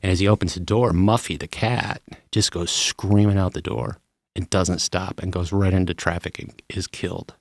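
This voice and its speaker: Man, podcast host, middle-aged, low voice, dry close sound, animated storyteller. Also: moderate pace, dry recording. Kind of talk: casual chat.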